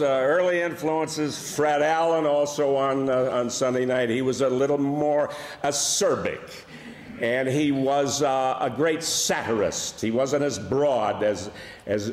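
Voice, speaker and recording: A man's voice: medium pitch, unhurried. An older man with a Buffalo accent, a comedian telling wry stories with dry punchlines. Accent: Buffalo, New York. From Buffalo, New York. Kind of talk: humorous storytelling talk. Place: large church hall. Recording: echoey hall with long reverb.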